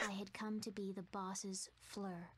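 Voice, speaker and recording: A woman narrating a video game in a soft, hushed, fearful storytelling manner, voicing a timid young female narrator. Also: medium pitch, little pitch movement, measured pace, slightly rough.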